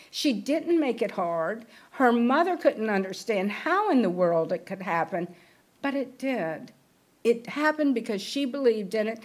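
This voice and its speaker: Middle-aged woman giving an inspirational sermon. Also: a little high. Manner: storytelling, acts out film scenes in varied voices. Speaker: spiritual speaker.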